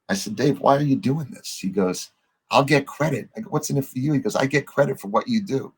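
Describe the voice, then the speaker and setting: Guy spinning old stories on a podcast, mid-pitch, keeps doing the other people's voices. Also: a little fast, breathy edge. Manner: animated storyteller acting out quoted voices. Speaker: podcast guest. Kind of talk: conversational storytelling.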